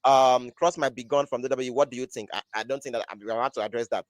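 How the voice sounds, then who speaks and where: A man's voice: mid-range voice, steady tone, fast, dry recording. A young man hosting a live wrestling podcast, rambling in casual chat and leaning on "like" as he restarts his thoughts. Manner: rambling, restarts often, says "like" a lot. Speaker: podcast host.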